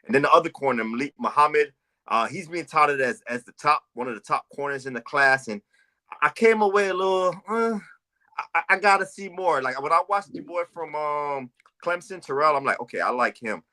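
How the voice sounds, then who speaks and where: Bright-voiced man breaking down film. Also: a little high, a little fast. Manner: animated, stammering restarts, says bro. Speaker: podcast co-host. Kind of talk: casual football scouting talk.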